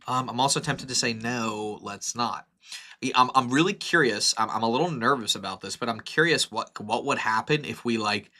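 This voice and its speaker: A young man streaming a live software tutorial, thinking aloud in an excitable, rambling way with many fillers and self-corrections. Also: medium pitch. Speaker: streamer teaching 3D modeling.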